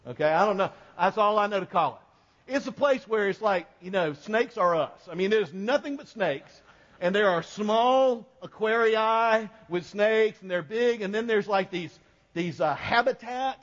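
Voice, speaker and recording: A man's voice: high-pitched, expressive, moderate pace, fairly bright tone. A male pastor preaching a sermon, telling a folksy story and joking with the congregation. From American South. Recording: long hall reverb, dull sound.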